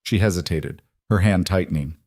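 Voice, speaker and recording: A man narrating a scripted fantasy story in a dramatic, steady way. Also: low-pitched, normal speed, no room sound, clean studio sound.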